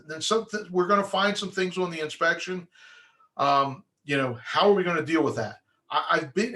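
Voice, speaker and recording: Bright-voiced man coaching real estate agents. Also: mid-range voice. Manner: conversational, restarts often, acts out clients' voices. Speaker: home inspector.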